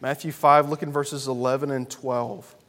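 A man preaching a sermon to a congregation, emphatic and building through loud repeated lists. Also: mid-range voice, level tone, moderate pace, long reverb tail. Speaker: pastor.

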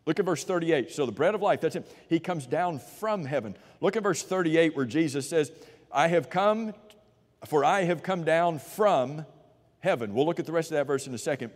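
A man preaching a sermon, walking listeners through verses with rhetorical questions and sinking to a quiet voice for emphasis. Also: animated, normal speed. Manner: drops to a low, quiet voice for emphasis. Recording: long reverb of a large hall.

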